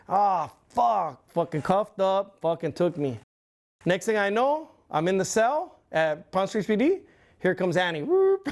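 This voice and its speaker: Profane, laughing middle-aged man storyteller. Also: high voice. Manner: profane, animated storyteller who laughs often. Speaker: interview guest. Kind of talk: casual storytelling.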